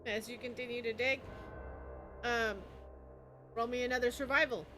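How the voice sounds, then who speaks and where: A woman's voice: a little high, steady tone, normal speed, bright, forceful tone. A woman running a horror tabletop game as game master, narrating scenes with a playful, laughing manner. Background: background music.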